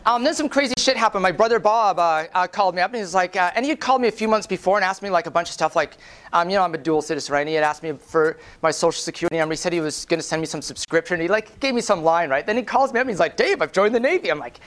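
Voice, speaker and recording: A man giving a lively storytelling presentation at a conference, animated and profane, often tagging lines with "right?". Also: high-pitched, very fast. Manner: acts out quoted voices. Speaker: conference speaker.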